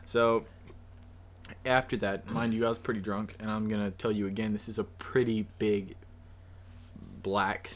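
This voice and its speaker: A man's voice: on the low side, little pitch movement, unhurried, long pauses. Rambling young man telling a drunk story. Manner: rambling, defensive, blunt. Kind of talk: casual storytelling.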